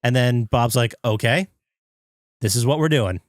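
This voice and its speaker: A man co-hosting a podcast, retelling a movie scene by scene and jumping into high, excited impressions of the characters. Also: normal speed, no echo. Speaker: podcast co-host. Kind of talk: casual movie recap chat.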